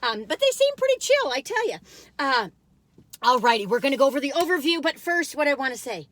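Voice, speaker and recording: Bubbly, giggly woman with a lively high voice. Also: brisk, dry recording. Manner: bubbly and giggly, chatty asides. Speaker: food review vlogger. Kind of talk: casual taste-test vlog.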